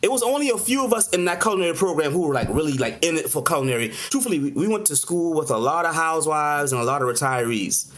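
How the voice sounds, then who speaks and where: A man's voice: fairly high pitch, fast, few pauses. Rambling chef in his forties. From Charleston, South Carolina. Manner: rambling, lively, lots of "you know". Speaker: chef, interview guest. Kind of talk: casual interview storytelling.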